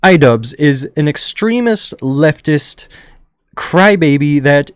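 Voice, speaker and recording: A young man putting on a higher, mocking voice, the one he uses for his videos, with sneering, drawn-out commentary. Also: lively intonation, clean tone, no echo, studio quality.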